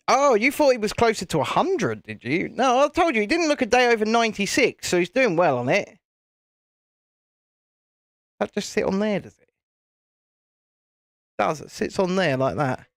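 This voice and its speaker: A man's voice: high voice, no room sound, studio quality. A man hosting a live stream, chatting casually and rambling while he builds a set, with the odd casual swear. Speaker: channel host.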